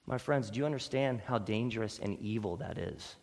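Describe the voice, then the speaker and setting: A man pastor preaching a sermon emphatically, swinging between loud declarations and quiet asides. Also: fairly low pitch, fairly quick, hardly any pauses. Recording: long hall reverb.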